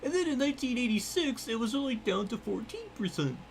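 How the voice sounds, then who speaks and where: A man's voice: extremely high pitch, very animated, brisk, slight background noise, voice pushed up, full character voice. A man putting on a pedantic know-it-all nerd voice who rattles off trivia and keeps saying "technically". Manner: nitpicking, rattles off trivia, says technically a lot. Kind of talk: comedic put-on voice during a gaming stream.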